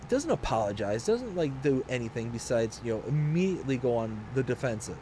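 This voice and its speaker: A man's voice: mid-range voice, big pitch swings, brisk, hardly any pauses, warm tone, slight background noise. Rambling man in his late twenties. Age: late 20s to early 30s. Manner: rambling, chatty, frequent restarts. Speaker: livestream host. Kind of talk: casual storytelling while streaming a game.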